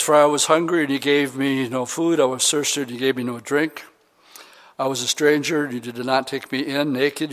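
A man preaching from the pulpit at a mid-range pitch, his voice carrying a long reverb through the hall. He reads scripture passages with swelling emphasis between stretches of plain explanation. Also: fairly bright tone. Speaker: pastor. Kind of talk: sermon.

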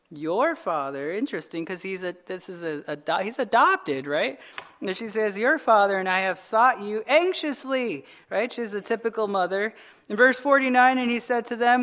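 A woman's voice: mid-range voice, expressive, moderate pace, fairly bright tone. A woman teaching a midweek Bible study in a conversational way, often asking "right?" and restarting her phrases.

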